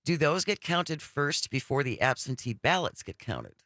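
A male radio co-host with a bright, clear tone, recorded close and dry in the studio. He poses earnest questions, halting and restarting as he thinks aloud. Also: on the high side, big pitch swings, no echo. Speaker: radio talk show co-host. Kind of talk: casual political radio chat. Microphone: studio microphone.

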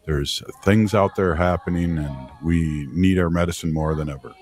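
A man co-hosting a community radio show, talking casually and haltingly with many fillers. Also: low-pitched, darkish tone. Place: radio studio. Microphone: studio mic.

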